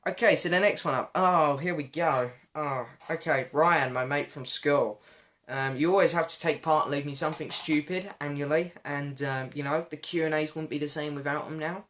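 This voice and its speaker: A young man, hoarse because his voice is going, chatting and apologizing as he answers viewer questions in a casual vlog. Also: a little high, normal speed, a bit bright. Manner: chatty, self-deprecating, often apologetic.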